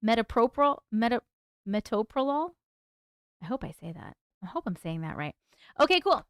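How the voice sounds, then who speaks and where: A woman's voice: a little high, very animated, takes it slowly, pauses often, a bit bright, clean tone, dry recording, studio quality. A woman hosting a casual livestream, chatting with viewers, laughing often and stumbling over hard words. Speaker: livestream host reading viewer stories.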